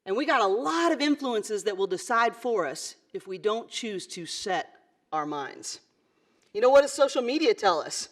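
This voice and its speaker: Speaking at a moderate pace with lively intonation, this middle-aged female basketball coach delivers an earnest, motivational conference speech. Her mid-range voice wanders through plenty of fillers and asides in a conversational style.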